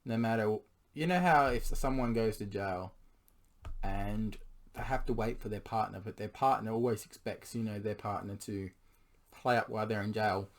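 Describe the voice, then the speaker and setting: Hoarse, low-voiced man pleading earnestly. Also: moderate pace. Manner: earnest and pleading, with frequent throat clearing. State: hoarse, losing his voice. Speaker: vlogger addressing his partner. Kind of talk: confessional monologue to camera.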